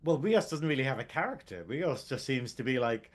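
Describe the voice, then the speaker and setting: Animated, sweary man reviewing a show. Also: mid-range voice, a little fast, few pauses. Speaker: podcast co-host. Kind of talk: casual review chat.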